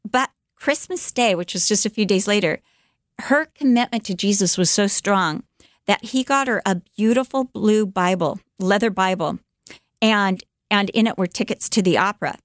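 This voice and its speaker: A woman co-hosting a podcast, telling a life story in an animated way, with many fillers, and acting out the quotes. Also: medium pitch, moderate pace, no echo, studio quality. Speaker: podcast co-host telling a biography. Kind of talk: casual storytelling chat.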